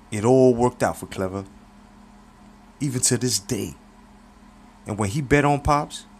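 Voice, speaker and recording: A man's voice: lowish voice, a little hiss or hum. A man narrating a story in a loose, profane, casual storytelling manner.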